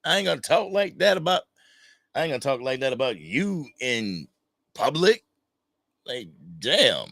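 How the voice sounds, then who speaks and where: A man's voice: medium pitch, measured pace, gravelly, pauses often, no echo. A man hosting an unscripted fan livestream, talking casually and greeting viewers from the chat. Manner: casual, animated, reads chat names aloud. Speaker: livestream host.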